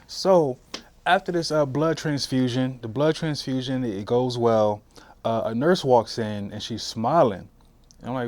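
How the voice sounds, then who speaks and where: A man's voice: mid-range voice, measured pace, darkish tone. A man, a military veteran, recounts his service in an oral history interview, talking casually with fillers and restarts. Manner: conversational, many fillers and restarts. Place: interview room at a history center.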